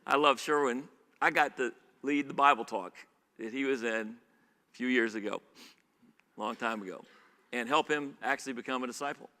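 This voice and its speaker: A man preaching a sermon in a church, animated, shifting between loud emphasis and quiet asides and putting questions to the congregation. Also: medium pitch, normal speed. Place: church sanctuary. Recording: live church sermon with long hall reverb.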